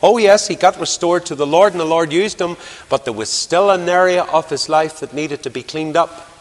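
A man preaching a sermon, animated, pressing rhetorical questions and swinging between loud and quiet. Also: a little high, normal speed, long reverb tail.

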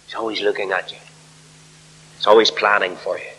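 An older man preaching a sermon, emphatic, swinging from loud peaks to quiet low lines. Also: level tone, brisk, husky, in a large hall, rough recording. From Northern Ireland.

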